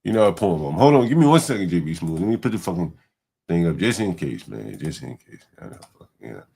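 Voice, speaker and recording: A man's voice: low-pitched, big pitch swings, fast, creaky, warm tone, slightly rough. A man hosting a livestream, talking in a rambling, loose way with casual profanity. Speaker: livestream host.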